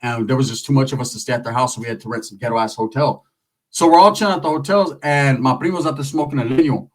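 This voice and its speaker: A man's voice: medium pitch, fast talker, distant mic, low-quality recording. Crude, rambling man telling a story. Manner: loose, crude, rambling with slang. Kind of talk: comedic storytelling.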